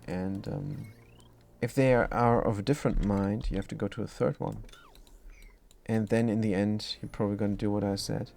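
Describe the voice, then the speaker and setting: Gravelly German-accented man thinking aloud. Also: on the low side, steady tone, moderate pace, darkish tone. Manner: rambling, thinks aloud with many ums. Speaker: streamer. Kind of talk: casual gameplay commentary.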